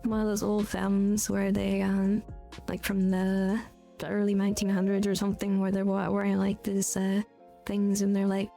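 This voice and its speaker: A woman's voice: medium pitch, little pitch movement, normal speed, gravelly, mellow, soft background music. A woman live streamer chatting casually with her viewers in a rambling, goofy, giggly way.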